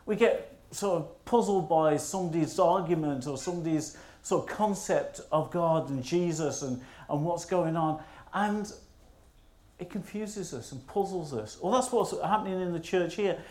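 A minister spins a self-mocking story from the pulpit, his voice a touch higher than most men's. The sermon echoes around a roomy church. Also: normal speed, a little mellow.

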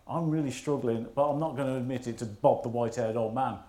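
A man's voice: mid-range voice, fast, warm tone, roomy sound. A man, a minister telling a funny personal story in a sermon, poking fun at himself. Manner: humorous, self-mocking storyteller.

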